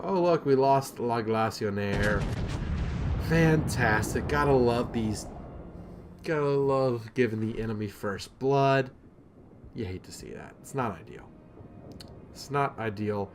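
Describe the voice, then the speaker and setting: A young man giving casual, self-deprecating commentary over his own gameplay, with lots of ums and rambling asides. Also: medium pitch.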